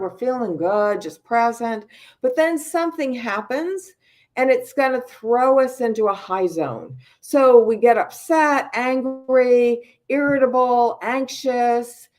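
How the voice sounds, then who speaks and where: A middle-aged woman giving a calm, unhurried mindfulness talk over a video call and guiding a breathing exercise. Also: on the high side. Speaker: mindfulness speaker.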